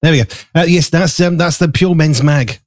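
A man's voice: on the high side, moderate pace, no echo, studio quality. Chatty man hosting live, slightly breathless. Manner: chatty, rambling with fillers, eating while talking. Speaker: show host. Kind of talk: casual live studio chat. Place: small studio.

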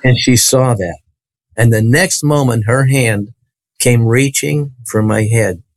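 A man telling a personal story to an interviewer, lively and acting out the voices of the people in it. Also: mid-range voice, slow, no echo. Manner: animated storyteller, acts out quoted voices. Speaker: guest telling his testimony.

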